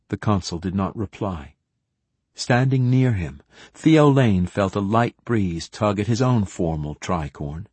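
A man reading an audiobook in a measured, even narration, close to the mic. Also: low-pitched, slightly rough, no room sound.

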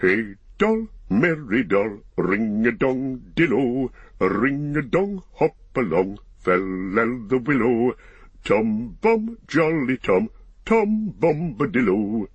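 A man voicing a jolly, carefree old forest man who sings bouncy nonsense songs in a husky voice. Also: mid-range voice, sing-song, takes it slowly, no room sound, full character voice. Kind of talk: sung storybook character voice.

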